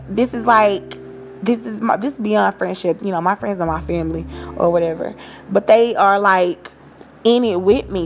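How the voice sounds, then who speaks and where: A woman in her thirties hosting a podcast, talking in an encouraging, preachy way with casual slang. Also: medium pitch. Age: 30s. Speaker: podcast host. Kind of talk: motivational podcast monologue.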